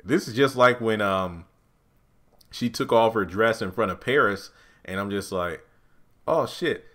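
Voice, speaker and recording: A man's voice: fairly low pitch, a little slow. Chatty man reviewing a TV episode. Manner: chatty, rambling, animated retelling. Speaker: YouTube TV reviewer.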